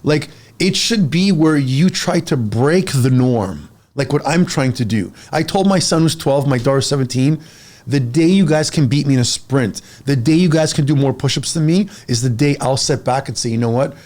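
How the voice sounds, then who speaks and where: Emphatic man in his forties. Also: medium pitch. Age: 40s. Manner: animated, emphatic, fast bursts with repetitions. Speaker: fitness coach. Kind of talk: casual podcast chat.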